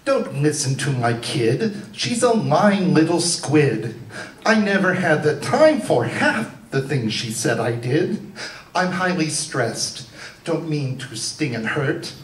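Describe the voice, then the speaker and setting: A man's voice: fairly high pitch, big pitch swings, takes it slowly, voice pushed up. A man voicing an aging woman film starlet in a live comic a cappella performance. She is haughty, fixated on cleanliness and indignant, defending herself in theatrical rhyming lines, heard from a distant mic in a roomy theater. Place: theater stage.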